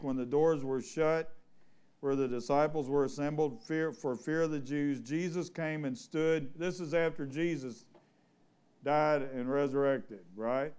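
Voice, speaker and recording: Guy preaching in a little church, folksy and chatty, asks the room questions, voice a bit high. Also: darkish tone, smooth. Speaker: pastor. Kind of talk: informal sermon with Bible reading.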